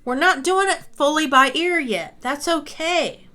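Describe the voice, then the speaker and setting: High-voiced, slow, patient woman music teacher. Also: animated, pushed and bright. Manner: patient, reassuring, checks in with "okay?". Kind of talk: instrument lesson, talking and singing along.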